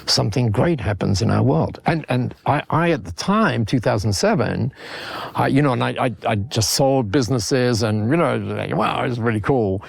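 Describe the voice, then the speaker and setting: An older Australian man, a podcast guest, telling stories in an animated way, often repeating words and laughing between points. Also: medium pitch, gravelly, breathy edge. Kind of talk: conversational podcast storytelling.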